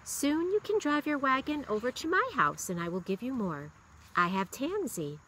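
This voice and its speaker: A woman voicing a kind, soft-spoken farm woman in a storybook reading, speaking gently and encouragingly. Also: high voice, big pitch swings, moderate pace, a little hiss or hum, voice pushed up, exaggerated voice. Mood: gentle. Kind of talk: storybook read-aloud.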